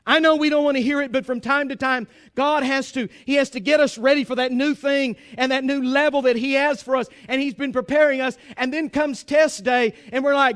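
A man preaching a sermon in an emphatic, pleading way, at times rising to a shout. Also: very high-pitched, fairly even intonation, fairly quick, hardly any pauses, smooth.

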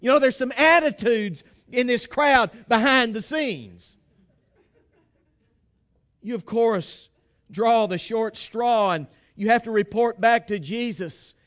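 A pastor giving a sermon, retelling a Bible story with humour and acting out the dialogue. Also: male voice, extremely high pitch, slow, a bit bright.

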